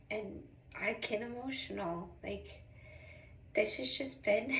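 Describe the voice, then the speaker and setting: A woman's voice: mid-range voice, slow, creaky, a bit bright, distant mic, a little hiss or hum. A woman who is a mother, rambling through an emotional confessional vlog in casual slang, close to tears. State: tearful and emotional. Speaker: vlogger, mother. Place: small bathroom. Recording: echoey bathroom, voice off-mic.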